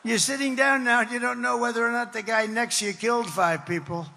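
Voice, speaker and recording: Gravelly man orating in a huge echoing hall. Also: very high-pitched, fairly even intonation, brisk, sharp tone, a little hiss or hum. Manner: repetitive, emphatic, rambling and conversational. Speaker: political speaker. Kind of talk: campaign rally speech. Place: large hall before a crowd. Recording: long reverb of a big hall.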